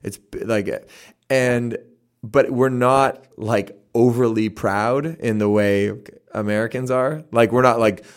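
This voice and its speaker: A man from Canada, a musician, answering interview questions in a chatty, animated way with lots of fillers. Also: medium pitch, slow pace. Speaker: interview guest, band musician.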